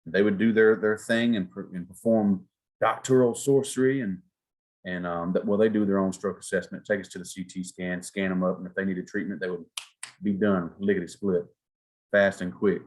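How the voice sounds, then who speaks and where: A man from South Georgia teaches an EMT class in a folksy, animated manner, sometimes acting out exchanges with patients. His voice sits very low, with a husky, slightly rough edge. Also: normal speed. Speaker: EMS instructor. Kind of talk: classroom lecture.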